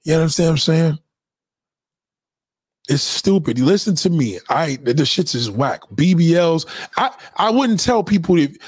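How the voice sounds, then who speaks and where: Husky guy on a podcast, swears a lot, rambling stories, pitch all over the place. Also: dry recording. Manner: loose, profane storytelling, lots of restarts. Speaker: podcast host. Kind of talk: casual podcast chat reading live comments.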